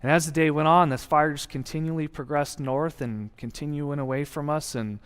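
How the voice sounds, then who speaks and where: A man in his thirties giving a personal testimony, earnest and reflective, telling his story with deliberate pauses. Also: on the high side, fairly even intonation, smooth. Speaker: guest speaker sharing testimony. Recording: long hall reverb.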